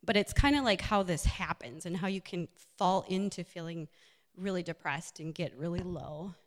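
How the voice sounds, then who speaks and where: Speaking at a moderate pace in a fairly low voice, a woman who works as a nurse and wellness coach gives an earnest motivational talk about her own experience, using slides. Fillers crowd her speech, and the hall has an echo.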